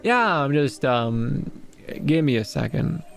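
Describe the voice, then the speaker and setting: A man's voice: mid-range voice, sing-song, takes it slowly, creaky, soft background music, exaggerated voice. A man voicing a cruel, taunting teenage schoolboy bully in a read-aloud fantasy story. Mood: dazed. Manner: taunting, sneering.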